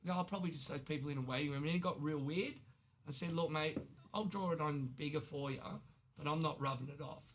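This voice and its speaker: A man in his forties with an Australian accent, telling wild work stories in casual chat, animated and swearing, acting out the people he quotes. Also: a little high, fast. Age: 40s. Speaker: tattoo artist guest. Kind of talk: casual storytelling.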